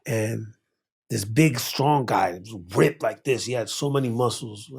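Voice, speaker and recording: Gravelly-voiced man telling a wild story. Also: medium pitch, a little slow, darkish tone. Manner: acts out voices in his stories, laughs often. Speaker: guest. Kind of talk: animated storytelling in conversation.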